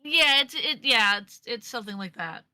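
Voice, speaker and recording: A woman running a tabletop role-playing game as game master, describing scenes haltingly with many restarts. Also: fairly high pitch, animated, sharp tone, dry recording. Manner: halting, full of restarts and fillers.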